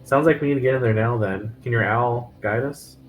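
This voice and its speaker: A man playing in a tabletop game, speaking in a steady, matter-of-fact way at a middle pitch. A faint hiss sits under his voice. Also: a little fast, poor audio. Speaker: player. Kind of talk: tabletop role-play chat.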